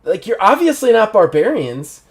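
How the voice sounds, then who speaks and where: A man's voice: high-pitched, big pitch swings, normal speed, voice pushed up. A man voicing a frightened, unarmed female doctor, asking anxious, confused questions. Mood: alarmed.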